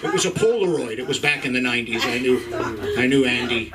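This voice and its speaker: A man's voice: medium pitch, animated, quick pace, distant mic, rough recording. A middle-aged man from Ireland doing a profane stand-up set in a comedy club, working the crowd with stammering restarts.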